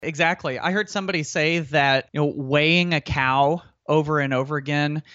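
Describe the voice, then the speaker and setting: A man's voice: a little high, normal speed, bright, forceful tone, dry recording. A man who is an educator and author, talking earnestly in a podcast interview and explaining his ideas at length. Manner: earnest, explanatory, repeats words when thinking. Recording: dry, slightly dull sound.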